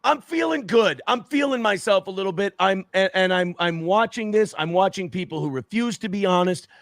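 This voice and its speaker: A man talking to viewers in a casual monologue, halting and self-justifying with many restarts. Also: high-pitched, fairly bright tone, no room sound, studio quality. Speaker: streamer in a played clip.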